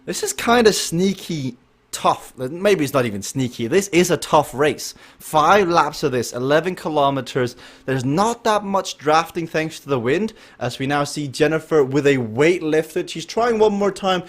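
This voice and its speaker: A fairly high-voiced man calls a live esports race with a lively, chatty delivery. He reacts fast to the action and banters with the viewers in the chat. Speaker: race commentator and stream host.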